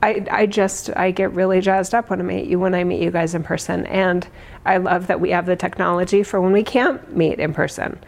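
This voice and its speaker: A woman in her forties, hoarse today, chatting effusively on a livestream, laughing often as she reads comments. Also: on the low side, steady tone, fairly quick. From United States. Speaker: livestream host. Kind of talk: casual livestream chat reading comments.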